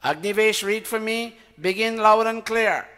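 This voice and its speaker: An older man leads a devotional gathering in a high, bright voice. He coaxes his students, praises their reading, and chants Sanskrit verses slowly. Faint music plays behind him. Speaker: teacher leading a satsang. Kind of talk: sermon with recitation.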